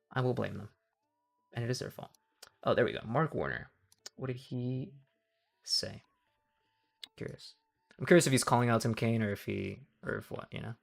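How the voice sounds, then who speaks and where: A man's voice: medium pitch, vocal fry. A young man streaming casual political commentary, rambling, swearing freely and cutting himself off mid-sentence. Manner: profane, rambling, self-interrupting.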